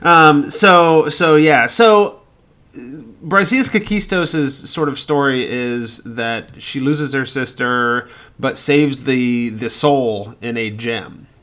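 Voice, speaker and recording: A man hosting a podcast, asking thoughtful questions in a relaxed, casual way. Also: mid-range voice, slow. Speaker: podcast host.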